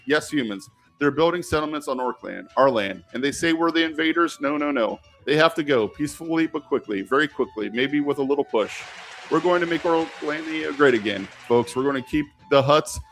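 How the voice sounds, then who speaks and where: A man's voice: on the high side, a bit bright. A man voicing a boastful male orc ruler who brags in short punchy phrases, in his own voice. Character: boastful blustering male orc ruler giving a rally speech.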